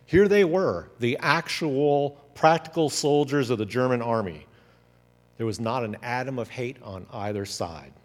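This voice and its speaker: A man telling a story as a talk, animated and acting out the quotes. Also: medium pitch. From United States. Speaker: speaker. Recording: long hall reverb.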